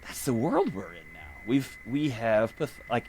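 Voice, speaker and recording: A man, a podcast guest, talking in a casual conversation and telling animated stories. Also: medium pitch, measured pace, slight background noise. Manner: animated storyteller.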